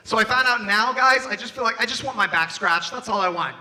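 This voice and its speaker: A young man doing a stand-up comedy set, animated and acting out scenes in put-on voices on a club stage. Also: high voice, quick pace, few pauses, a crowd in the background.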